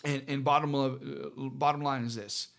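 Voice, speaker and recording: A middle-aged man, a pastor, telling a personal story in casual conversation, halting with many fillers and restarts. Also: mid-range voice, fairly even intonation, creaky, a bit bright.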